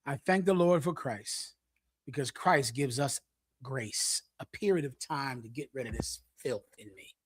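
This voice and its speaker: A man preaching through scripture verse by verse, repeating his points forcefully and acting out an addict's pleading. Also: mid-range voice, a little slow, slight background noise. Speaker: teacher leading a scripture breakdown.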